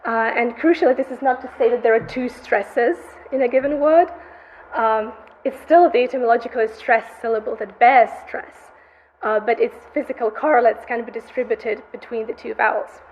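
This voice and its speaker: A woman with a slightly high voice gives an academic conference talk. She explains slides in a measured way, with frequent fillers as she points to figures. The sound is roomy and a little muffled, with faint background noise. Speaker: conference presenter.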